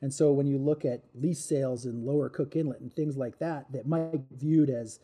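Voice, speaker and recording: Mellow-voiced man talking earnestly. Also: mid-range voice, fairly even intonation, husky. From Alaska. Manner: thoughtful, earnest, pausing with restarts. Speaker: guest wildlife expert. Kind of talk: casual interview talk.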